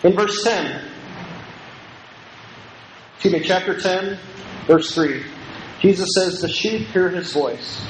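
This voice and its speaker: Slow and pausing often, a man with a high-pitched voice delivers a Bible lecture full of emphasis and repetition, prompting call-and-response from the audience. The lecture hall recording carries echo and faint noise.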